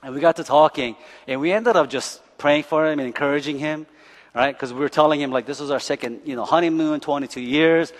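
A man's voice: fairly high pitch, fairly even intonation, a little fast. A man in his forties, a pastor, preaching a sermon as chatty stories, often laughing and asking "right?". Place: church. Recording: echoey church hall.

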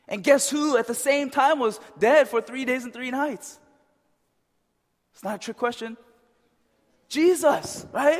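A man preaching a conversational sermon as a pastor, often checking in with "right?". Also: sits high. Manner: conversational, with frequent "right?" asides. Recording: long reverb of a large hall.

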